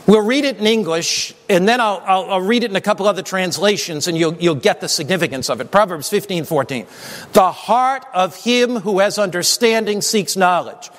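A man's voice: sits high, a bit bright. A man preaching a sermon, emphatic and prompting the congregation to call back answers. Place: church sanctuary. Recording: long hall reverb.

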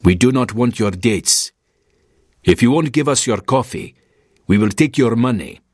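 A man's voice: medium pitch, expressive, measured pace, darkish tone, no room sound, clean studio sound. A man reading the part of a grim armed desert tribesman who demands rent, in a harsh and insistent voice. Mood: demanding.

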